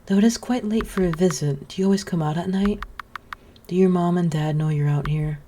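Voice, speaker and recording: A woman voicing a gentle, lonely and motherly forest witch from a video game, speaking slowly in a sweet, coaxing way. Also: fairly low pitch, slight background noise, lightly acted. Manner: soft, slow and sweetly coaxing. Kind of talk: reading game dialogue aloud.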